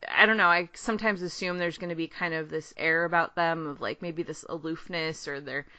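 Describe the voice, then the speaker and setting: A woman co-hosting a podcast, telling a long, excited story in casual chat, rambling and laughing often. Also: low voice, a little fast, dry recording. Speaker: podcast co-host.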